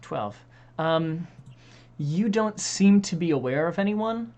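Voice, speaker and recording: A woman narrating as dungeon master of a tabletop game, pausing often with ums and uhs. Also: lowish voice, lively intonation, dark tone. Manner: hesitant, many ums and uhs.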